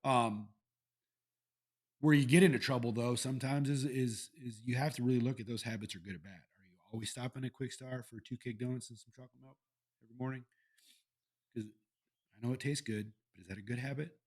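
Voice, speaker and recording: A man's voice: mid-range voice, steady tone, fairly quick, darkish tone, slightly rough. A man hosting a solo podcast, talking casually and candidly with plenty of swearing and restarts. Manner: candid, profane, rambling with restarts. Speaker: podcast host. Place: Iowa.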